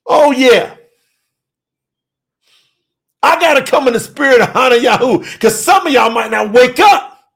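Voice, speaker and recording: A man preaching an urgent sermon, shouting and pleading with his listeners. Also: very high voice, expressive, unhurried, gravelly, long pauses. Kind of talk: fiery sermon.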